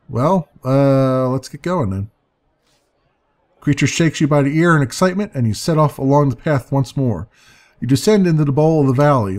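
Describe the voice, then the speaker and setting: Man, let's play narrator, reads game text aloud, hesitant, slightly high pitch. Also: darkish tone. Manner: musing, hesitant, chuckling.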